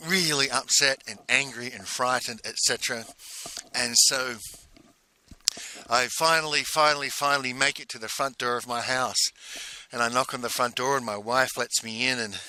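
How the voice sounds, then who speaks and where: A man coaching in a monologue, telling a personal story in a halting way and repeating phrases for emphasis. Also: medium pitch, bright, forceful tone, no room sound. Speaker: business coach.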